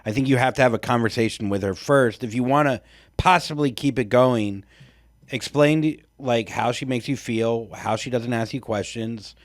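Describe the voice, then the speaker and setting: Male podcast co-host, laid-back and deadpan, dry close mic. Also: medium pitch, moderate pace, no room sound. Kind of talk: casual podcast chat.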